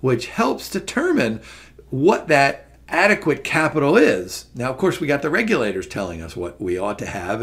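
Chatty low-voiced male lecturer. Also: creaky. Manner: chatty, loose, many fillers and restarts. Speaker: exam prep instructor. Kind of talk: recorded lecture over slides.

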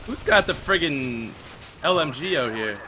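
Excitable young man doing let's play commentary. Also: on the high side, a little hiss or hum. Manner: excitable, chatty, quick outbursts while playing; sprinkles mock-British slang like mate and crikey. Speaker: gaming video host.

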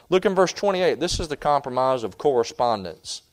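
Fiery preacher with a smooth voice. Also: male voice, medium pitch, very animated, fairly quick, few pauses. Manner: fiery preaching with big swings from shouting to quiet. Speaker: pastor. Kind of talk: sermon.

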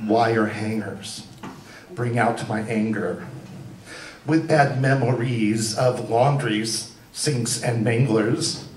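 A man's voice: mid-range voice, a little hiss or hum. A man voicing an aging woman film starlet in a live comic a cappella performance. She is haughty, fixated on cleanliness and indignant, defending herself in theatrical rhyming lines, heard from a distant mic in a roomy theater. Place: theater stage.

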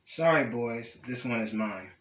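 A man's voice: medium pitch, lively intonation, measured pace, a bit bright, echoey room, low-quality recording. A young man voicing a gloating, menacing skeleton king in a storybook. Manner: gloating, taunting.

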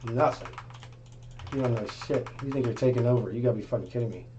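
A man's voice: medium pitch, fast, dark tone, lo-fi sound, slight background noise. A man livestreaming, trading brash, profane taunts and repeating his jabs. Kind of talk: heated livestream argument.

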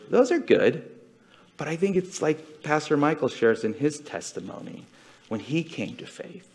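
Guy preaching at his congregation, earnest storyteller, mid-pitched voice, talks like a chat. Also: gravelly. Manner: earnest storytelling, speaks with feeling. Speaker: congregation speaker. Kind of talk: conversational sermon.

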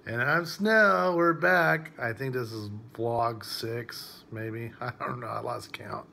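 A man co-hosting a casual vlog, talking in a relaxed, joking way. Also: mid-range voice, takes it slowly, gravelly. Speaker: vlog co-host. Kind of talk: casual chat.

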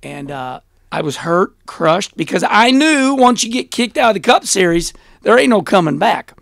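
A middle-aged man as an interview guest, telling stories in a blunt, animated way and laughing often. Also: high-pitched, normal speed, vocal fry, no room sound, clean studio sound. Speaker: interview guest, former race car driver. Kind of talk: casual storytelling interview.

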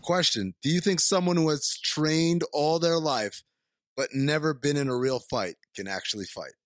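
A man co-hosting a comedy movie podcast, teasing his co-hosts with quick comebacks. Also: on the high side, dry recording, studio quality. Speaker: podcast co-host.

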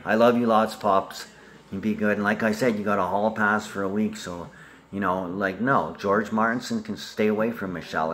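A man's voice: deep voice, a bit bright. A man talking in a long rambling monologue, swearing freely and jumping from topic to topic.

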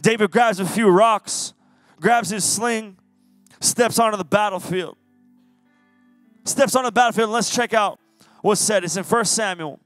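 High-voiced, lively young-sounding preacher man. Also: a little slow, pauses often, no room sound, faint music behind. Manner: energetic, casual and jokey. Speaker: youth pastor. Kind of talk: youth sermon. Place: youth service hall.

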